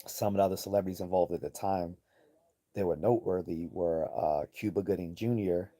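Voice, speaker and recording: A man's voice: deep voice, steady tone, fairly quick, dark tone. A man hosting a livestream, giving blunt, profane, rambling commentary and reading chat messages aloud. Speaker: livestream host.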